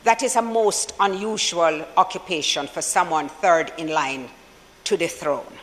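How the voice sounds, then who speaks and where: A senator with a Jamaican accent giving a formal tribute speech for the opposition in parliament, measured and solemn, with deliberate pauses. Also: medium pitch, a bit bright, in a large hall, rough recording. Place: senate chamber.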